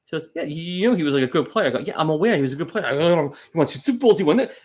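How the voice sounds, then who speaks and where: A man co-hosting a casual comedy podcast, telling stories with loud, exasperated bursts. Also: a little high, very fast. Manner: animated storytelling, swings into loud exasperated bursts. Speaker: podcast co-host.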